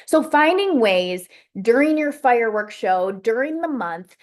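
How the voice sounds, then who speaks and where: A woman's voice: fairly high pitch, sing-song, a little slow, a little mellow. A woman who leads a sales team, giving a casual motivational coaching talk. She rambles in a chatty way, full of fillers and restarts. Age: adult with a child.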